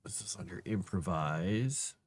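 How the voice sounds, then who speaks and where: A man on a casual livestream, thinking aloud to himself as he formats a document and grumbling at the software. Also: deep voice, lively intonation, measured pace. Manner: mutters to himself while working, grumbles at software.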